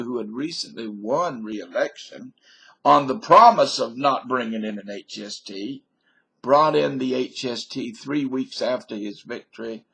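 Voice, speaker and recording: A man's voice: medium pitch, vocal fry, a bit bright, breathy edge. An older man, rambling folksy to his webcam with jokes and digressions. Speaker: vlogger. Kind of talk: rambling monologue to camera.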